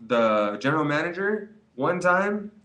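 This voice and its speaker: A man's voice: a little high, sing-song, measured pace, a bit bright. A young man telling a rambling story in a casual vlog, full of restarts, with the quoted people acted out. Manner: rambling, repeats words, acts out quoted voices. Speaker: vlogger giving quit-weed advice.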